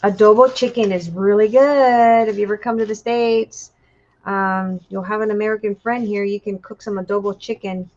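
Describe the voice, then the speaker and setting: A woman's voice: mid-range voice, fairly even intonation, moderate pace, a little mellow, lo-fi sound. A woman from Texas chatting casually while crafting on a live stream, friendly and full of fillers.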